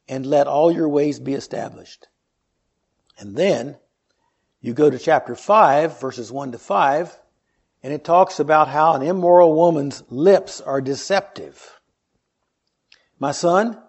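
A man's voice: fairly high pitch, a little mellow, highs cut off. A man preaching an earnest sermon, reading scripture and explaining it with rhetorical questions.

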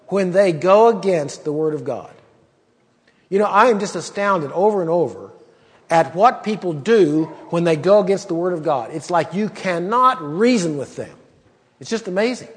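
A man's voice: sits high, expressive, normal speed, long reverb tail. A man preaching a sermon and teaching from the Bible, talking conversationally and emphatically with rhetorical questions.

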